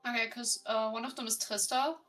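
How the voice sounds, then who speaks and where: Female streamer co-host, bright, giggly, casual chat over faint music. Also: on the high side, steady tone, fairly quick. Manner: giggly, bubbly.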